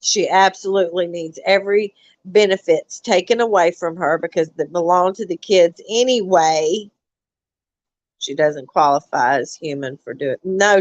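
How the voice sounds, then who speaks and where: A woman ranting on her live stream, slow and deliberate, swearing freely and repeating herself as she talks to her viewers. Her voice is recorded dry and a little dull, like a cheap lo-fi mic. She calls her audience y'all. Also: lowish voice, no echo. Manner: angry, profane, repeats herself, addresses chat as y'all.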